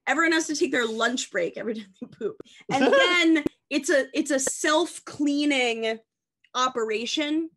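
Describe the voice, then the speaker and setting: A woman's voice: high-pitched, normal speed, a bit bright. A woman in her twenties co-hosting a podcast, chatting casually and rambling playfully through goofy tangents. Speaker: podcast co-host. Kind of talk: casual comedic chat.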